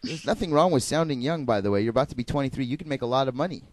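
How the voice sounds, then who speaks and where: A man hosting a live comedy talk show, joking and teasing in fast, loose banter. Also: mid-range voice, lively intonation, no echo. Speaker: host.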